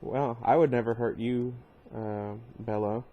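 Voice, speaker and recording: A cocky, pushy teenage boy who keeps pressing his case in an earnest, insistent tone, read by a man in his own voice. The delivery stays close to a plain male reading voice with a mid-range pitch. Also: steady tone, measured pace, lo-fi sound, natural voice.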